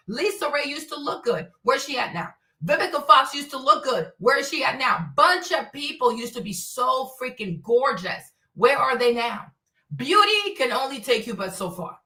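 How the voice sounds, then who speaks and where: A woman from Africa hosts an opinionated livestream, ranting bluntly and profanely and firing off many rhetorical questions. Her high-pitched voice sounds pushed and bright, and the echoey room and distant mic color the recording.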